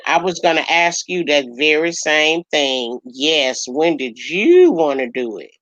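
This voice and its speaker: A woman's voice: low voice, sing-song, a little slow, a bit bright, no echo, low-quality recording. A woman hosting a casual livestream chat, talking affectionately and calling people baby and honey. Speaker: livestream host.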